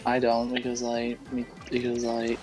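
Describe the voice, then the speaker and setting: A British man in casual gaming chat. He talks in starts and restarts, tripping over his words when he gets going. He sits at an average pitch, with faint music under him. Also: moderate pace, low-quality recording. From United Kingdom. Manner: stammering, repeats words when excited. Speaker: guest gamer.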